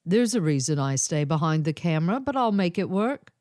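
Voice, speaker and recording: A calm, businesslike male spy handler , as a woman reads him in an audiobook. His lines are delivered with a lively, varied pitch and sit in a dry, close recording. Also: a little fast, no room sound.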